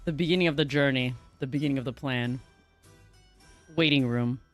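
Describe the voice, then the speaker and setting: A woman's voice: very deep voice, normal speed, faint music behind. A woman streaming a game who chats casually with her viewers, reads the story aloud, often laughs and stumbles over hard game words. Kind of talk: casual livestream chat and story reading.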